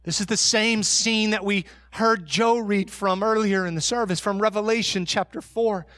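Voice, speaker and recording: A man preaching a sermon as pastor, emphatic, and slowing down on key words. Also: high-pitched, fairly even intonation, a bit bright, no echo, studio quality. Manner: emphatic preaching, slows for stress.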